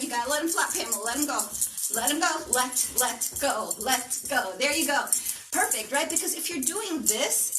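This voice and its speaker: High-voiced woman leading a yoga class. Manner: encouraging, instructive, says "right?" often. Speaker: yoga teacher. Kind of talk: guided movement class. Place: yoga studio room. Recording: echoey studio from a distance.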